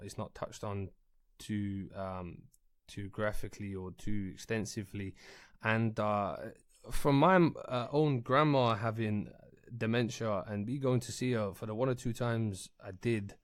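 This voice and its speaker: Young male podcast host, low voice, dry sound, rambling and candid. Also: steady tone, unhurried, no echo. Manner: rambling, sweary, heartfelt. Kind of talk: casual podcast chat.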